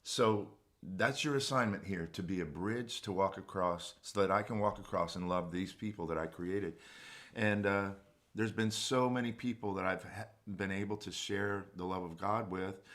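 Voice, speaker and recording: A man's voice: sits low, normal speed, a bit bright. A man, a vocal coach and producer, speaking earnestly about his faith as a guest on a casual livestream chat.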